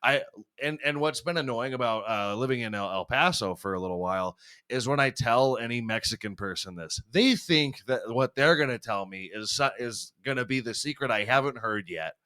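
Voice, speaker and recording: A man's voice: mid-range voice, lively intonation, moderate pace, pushed and bright. A young man hosting a podcast, rambling and swearing freely, often laughing at himself. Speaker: podcast host. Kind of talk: casual chat.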